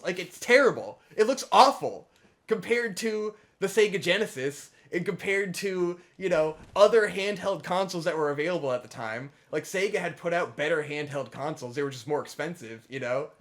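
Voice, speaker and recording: Young man ranting over gameplay. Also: on the high side. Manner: profane, ranting, swings from mumbling to shouting. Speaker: let's play co-host. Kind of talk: casual gameplay commentary.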